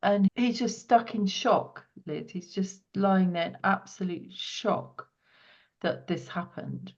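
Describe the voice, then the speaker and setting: A woman hosting a podcast, talking a client through an intuitive reading in a soft, earnest way that drops to a hush as she relays what she senses. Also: medium pitch, slow pace, dull audio. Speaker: podcast host and property healer.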